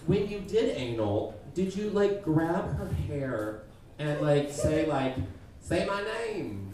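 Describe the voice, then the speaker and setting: A man doing a stand-up roast while sick, rambling and halting in a self-deprecating way on a comedy club stage. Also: on the high side, lively intonation, background noise. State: sick, congested. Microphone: stage mic at a distance. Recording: echoey stage from far off, crowd laughter.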